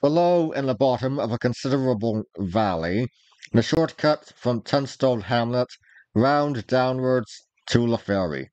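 A man reads an old adventure novel aloud in measured, deliberate storybook narration. His pace is slow and his voice sits in a middle range. The recording is dry and close. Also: medium pitch, animated, darkish tone, no room sound, rough recording. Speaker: reader, narrator.

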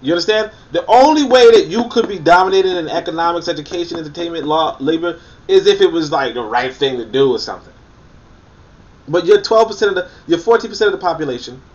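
A man's voice: a little high, lively intonation, quick pace, dull audio. Emphatic man reading and critiquing, distant mic. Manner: emphatic, repeats points for emphasis; incredulous and scoffing. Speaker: commentator. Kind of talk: reading a book aloud with critical commentary.

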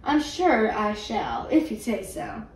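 A woman's voice: a little high, wildly swooping pitch, slow, recorded from a distance, heavily acted. A woman voicing a polite, earnest young male bear in a storybook reading. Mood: worried. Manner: earnest, well-mannered. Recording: roomy, away from mic.

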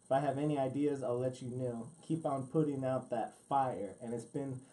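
A man's voice: mid-range voice, normal speed, mellow. A man co-hosting a podcast, joking in a laid-back way and laughing often, at a studio mic. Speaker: podcast co-host. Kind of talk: casual podcast chat.

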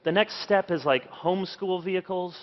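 A man in his thirties preaching at a conference, telling a family story with animated delivery and acting out his children's words. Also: high-pitched, moderate pace, in a large hall, muffled recording, noisy background. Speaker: pastor. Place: large conference hall.

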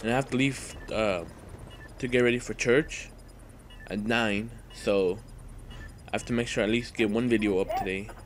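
Male gaming host, slightly low voice, groggy and rambling, lots of ums and uhs over live gameplay. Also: steady tone, moderate pace, a little hiss or hum. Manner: rambling, filler-heavy casual talk. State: just woken up, sleepy.

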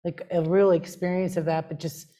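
A woman's voice: on the low side, level tone, normal speed, mellow. A woman sharing her spiritual story in an earnest, rapt way, with many fillers. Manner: earnest and rapt, with frequent "like" and "you know" fillers. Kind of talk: heartfelt conversational sharing.

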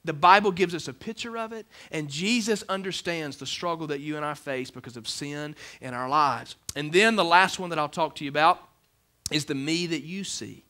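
A man, preaching a sermon as pastor of a church, swinging between loud emphasis and hushed lines. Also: fairly high pitch, fairly quick, hardly any pauses. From Alabama, USA. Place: church sanctuary with a congregation.

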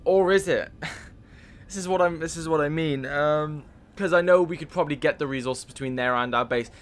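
A man's voice: fairly high pitch, brisk, fairly bright tone. A man giving casual gameplay commentary, thinking aloud with many fillers and swearing when moved. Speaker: let's play gamer.

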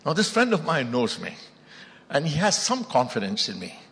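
Emphatic Indian preacher in a reverberant hall. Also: male voice, a little high, wildly swooping pitch, moderate pace. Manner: emphatic storytelling, rising to loud bursts. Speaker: pastor. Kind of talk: sermon. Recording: long reverb of a large hall.

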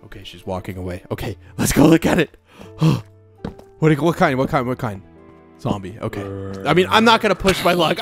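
A man giving casual gameplay commentary at home, excitable and quick to break into high-pitched shrieks and laughter, speaking into a desk mic with a windscreen while wearing headphones. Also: faint music behind. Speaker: let's play gamer. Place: home room with his puppy nearby.

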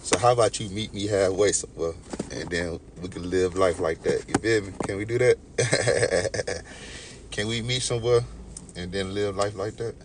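A man's voice: low-pitched, fairly even intonation, normal speed, noisy background. Laid-back young Texas man on a morning livestream. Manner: laid-back, talks to chat by name. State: just woke up, sipping coffee. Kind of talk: casual livestream chat.

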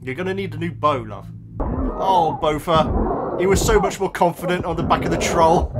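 A man hosting a film reaction, talking to the screen and cheering excitedly. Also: fairly high pitch, normal speed, over loud music. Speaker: reaction video host.

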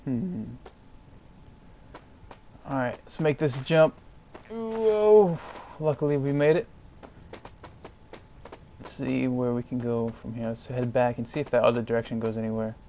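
A man's voice: mid-range voice, level tone, normal speed, pauses often, a little mellow, a little hiss or hum. A man casually commenting while playing a video game, rambling and easygoing with lots of fillers. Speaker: gaming channel host. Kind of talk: casual let's-play commentary.

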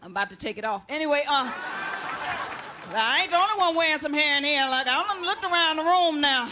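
A woman performing a stand-up comedy routine on stage, brash and sassy, shouting her punchlines. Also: high-pitched, expressive, fairly quick. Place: stage before a live audience. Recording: live show with crowd laughter and noise.

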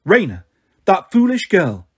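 Man doing a cold, commanding warrior queen, slightly raised, husky, storybook read. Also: high voice, wildly swooping pitch, a little slow, full character voice. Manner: icy, commanding. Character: proud exiled woman warrior queen, cold.

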